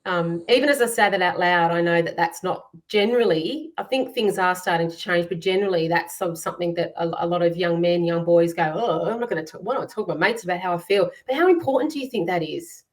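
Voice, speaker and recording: A woman's voice: fairly low pitch, fast, few pauses, recorded from a distance. A woman hosting a livestream conversation, encouraging and reflective, with many fillers. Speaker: host.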